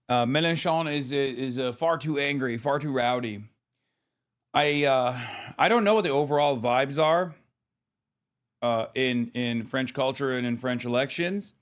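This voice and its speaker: A man streaming live, reacting in quick, rambling, profane commentary full of fillers. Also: mid-range voice.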